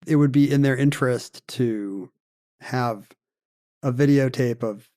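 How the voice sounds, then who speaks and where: A man's voice: mid-range voice, unhurried, mellow. A man co-hosting a casual podcast, telling a story in a wry way with plenty of fillers. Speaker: podcast co-host.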